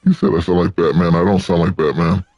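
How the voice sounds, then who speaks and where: A man's voice: low-pitched, fairly even intonation, fast, darkish tone, dry recording, lo-fi sound. A man giving joking, casual commentary while playing a video game. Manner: joking, laughs at himself. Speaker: let's play gamer.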